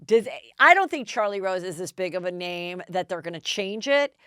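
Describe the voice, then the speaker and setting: A woman's voice: expressive, normal speed, a bit bright, clear, resonant tone, dry recording, clean studio sound. A woman hosting a casual gossip podcast, telling stories in a chatty way and acting out other people's lines. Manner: chatty storytelling, acts out quotes with big pitch jumps. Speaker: podcast host. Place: Los Angeles.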